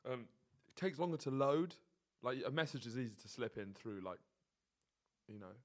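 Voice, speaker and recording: A man's voice: mid-range voice, animated, moderate pace. A young man co-hosting a casual comedy podcast, delivering mock-serious rants and laughing often. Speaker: podcast co-host.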